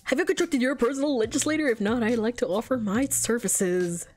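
A woman doing a greasy male troll lawyer for a game, pitched a little high and held back, and every word sounds like a sales pitch. He is overly polite and slick, always angling for his fee. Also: brisk, darkish tone, soft background music, close to an everyday voice. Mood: smarmy.

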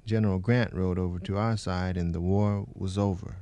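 Low, mellow man reading in dialect. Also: steady tone, moderate pace, no echo, lo-fi sound. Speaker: reader of a former slave's account. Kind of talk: dramatic first-person reading.

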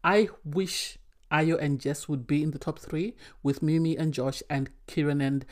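A woman's voice: deep voice, steady tone, unhurried. A woman giving an opinionated spoken recap and review of a reality dating show, emphatic and often exasperated. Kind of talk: casual recap commentary.

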